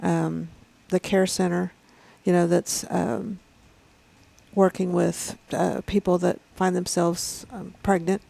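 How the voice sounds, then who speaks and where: Gravelly mellow-voiced lady co-host, talks earnest and plain. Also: fairly low pitch, little pitch movement, takes it slowly. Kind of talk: casual chat.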